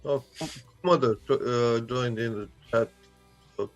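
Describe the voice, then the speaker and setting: A man's voice: mid-range voice, steady tone, slow, highs cut off, soft background music. A man in his forties, a guest on a casual livestream, talking in a laid-back way. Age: 40s.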